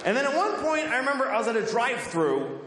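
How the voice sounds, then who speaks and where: A man's voice: very high voice, sing-song, fast talker, fairly bright tone. A man doing stand-up on a club stage, telling a rambling, exasperated, self-mocking story. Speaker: stand-up comedian. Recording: echoey hall with background noise.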